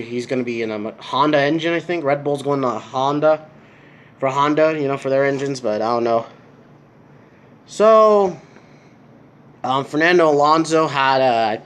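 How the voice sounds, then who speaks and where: A man's voice: mid-range voice, a bit bright. A young American man giving a casual, rambling race review, full of fillers and restarts, in a room at home. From United States. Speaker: vlogger. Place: indoor room with a TV.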